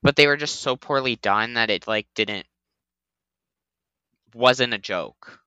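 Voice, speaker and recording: Bright-voiced man hosting a chatty podcast. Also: mid-range voice, takes it slowly, clean tone, no echo. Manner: rambling, heavy use of "like". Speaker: podcast host. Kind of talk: casual chat.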